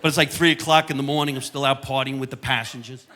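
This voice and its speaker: A man's voice: mid-range voice, steady tone, fast, sharp tone. An older man with a New Jersey accent doing brash, crude live stand-up comedy on a stage mic. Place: high school auditorium stage. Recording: live audience laughter, noisy hall.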